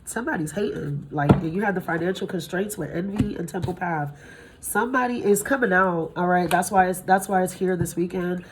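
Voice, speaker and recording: A woman in her thirties giving a casual tarot reading, tired from little sleep, blunt and profane, her voice jumping up in pitch when she gets excited. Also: a little fast, background noise. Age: 30s. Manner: blunt and profane, swears freely. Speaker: tarot reader.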